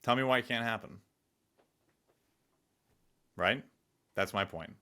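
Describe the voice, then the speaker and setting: A man co-hosting a casual sports chat, playful and quick to tease. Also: medium pitch, pushed and bright. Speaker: broadcaster co-host.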